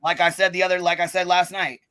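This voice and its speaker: A woman hosting a live stream, ranting and calling people out in a combative, profanity-heavy way, with a notably low, bass-heavy voice. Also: completely flat delivery, fast, fairly bright tone. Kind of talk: live-stream commentary rant.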